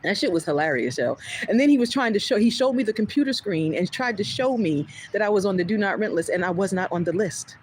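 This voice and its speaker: Husky-voiced and mid-range, a livestream host races through a story almost without pausing, acting out the dialogue and laughing often. It's a casual, animated retelling captured on a rough recording.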